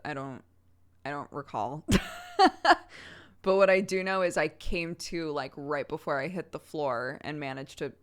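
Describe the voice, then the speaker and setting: A woman's voice: deep voice, measured pace. A woman in her thirties streaming, chatting casually and rambling through viewer questions with many restarts. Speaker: livestreamer.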